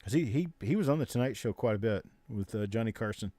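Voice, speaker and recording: A man hosting a live coin auction, calling bids in rapid, repetitive runs and joking between lots. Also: fairly low pitch, lively intonation, warm tone, dry recording. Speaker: auctioneer and show host.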